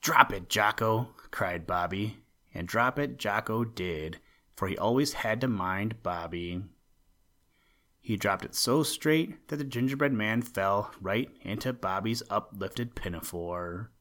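A man hosting a podcast, reading a children's story aloud in a gentle, measured storytelling manner. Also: fairly low pitch. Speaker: podcast host and story reader. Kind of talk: storybook read-aloud narration.

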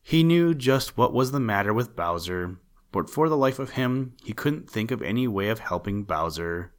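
A man narrating a children's animal story in a measured, gently emphatic storytelling manner. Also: lowish voice, animated.

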